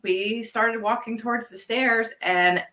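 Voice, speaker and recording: A woman co-hosting a casual livestream Q&A from her farm, telling stories in a chatty, animated way. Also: a little high, takes it slowly, echoey room, low-quality recording. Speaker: farm co-owner and livestream host.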